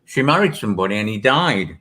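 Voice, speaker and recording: A man's voice: on the low side, very animated, fast talker, pushed and bright. A British man, an author and guest, telling rambling stories with many ums and restarts. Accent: British English. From Britain. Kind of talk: casual interview storytelling.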